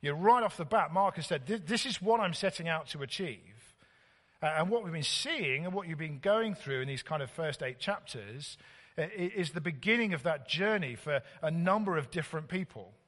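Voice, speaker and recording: Visiting preacher, man, chatty halting delivery, church hall reverb. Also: a little high, lively intonation, fairly bright tone. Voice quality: halting, many fillers and restarts. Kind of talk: sermon.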